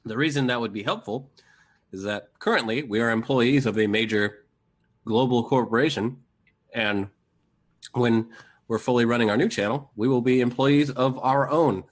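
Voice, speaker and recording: Young male co-host, middle pitch, dry and deadpan, casual live-stream updates. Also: moderate pace. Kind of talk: live-stream town hall chat.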